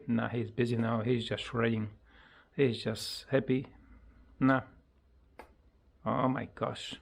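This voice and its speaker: A parrot owner casually chatting on a pet vlog in halting speech, breaking into high sing-song coaxing when talking to the bird. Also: fairly even intonation, gravelly, highs cut off. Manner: halting, with many fillers and simple grammar.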